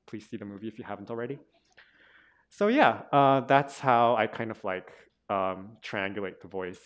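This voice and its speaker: A man from South Korea, a translator speaking casually at a book event, chatty and full of fillers and restarts. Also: lowish voice. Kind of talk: casual conversational talk.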